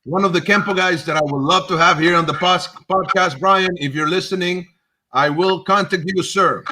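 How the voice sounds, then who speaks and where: A man's voice: high voice, normal speed, sharp tone, a little hiss or hum. A man hosting a podcast, reading viewer comments and adding friendly asides. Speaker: podcast host.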